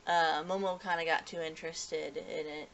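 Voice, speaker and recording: A woman's voice: low voice, fairly even intonation, moderate pace, fairly bright tone, a little hiss or hum. A woman casually recapping an anime episode as a reviewer, rambling and restarting sentences with many fillers.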